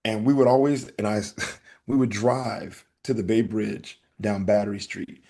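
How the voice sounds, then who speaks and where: A man hosting a casual podcast, telling a story in an animated way and acting out the back-and-forth. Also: on the low side, a little slow. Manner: animated storytelling, acts out exchanges. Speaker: podcast host.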